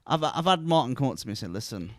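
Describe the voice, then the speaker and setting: A man's voice: on the high side, lively intonation, racing, no room sound. A man hosting a casual podcast, telling stories in sweary, laughing banter. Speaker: podcast host, event videographer.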